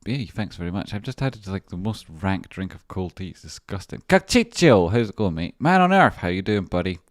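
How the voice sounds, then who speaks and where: A man with a low voice runs a trading livestream, chatting loosely over his charts. He swears freely and keeps breaking off to greet viewers. The sound is close and dry, with no room around it. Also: fairly quick, darkish tone, no echo. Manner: rambling, profane, chatty asides to viewers. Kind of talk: casual live-stream chart commentary.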